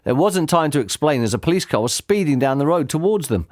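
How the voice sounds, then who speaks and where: A man reading a children's book aloud as an audiobook narrator, with expressive delivery. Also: fairly high pitch, fast talker, hardly any pauses, no room sound, studio quality. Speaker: audiobook reader. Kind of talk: storybook narration.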